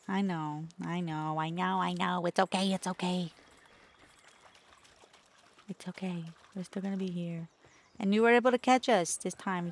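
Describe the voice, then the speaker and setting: Playful woman chatting to her stream viewers, teasing and talkative, home desk mic. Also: lowish voice. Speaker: VTuber streamer. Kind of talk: casual stream chat with viewers.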